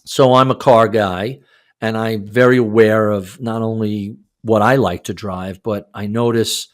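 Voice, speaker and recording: A man in his sixties, a podcast guest, telling a story in a casual interview, animated and casually profane. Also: lowish voice, measured pace. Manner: animated, acts out quoted lines, swears casually.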